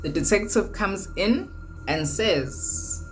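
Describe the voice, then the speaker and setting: True crime narrator, woman, low register, relaxed retelling with soft music underneath. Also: a little slow, rough recording. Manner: conversational, retelling events plainly.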